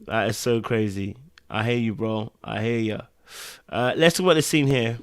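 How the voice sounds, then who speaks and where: A man hosting a casual TV recap, animated and repeating phrases for emphasis. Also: on the low side, normal speed, no room sound. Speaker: TV recap podcast host.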